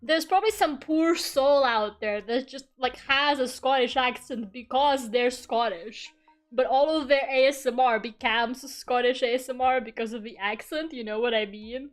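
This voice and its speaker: A woman's voice: sits high, moderate pace, faint music behind. A young woman streaming her art, chatting casually and rambling, laughing often and swearing freely. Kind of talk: casual chat while drawing.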